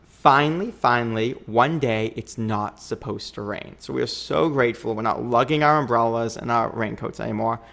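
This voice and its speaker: A young man telling a long personal story in a casual podcast chat, acting out the quoted voices with lively energy. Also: mid-range voice, moderate pace, vocal fry, hardly any pauses. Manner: animated, acts out quoted voices. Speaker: podcast guest.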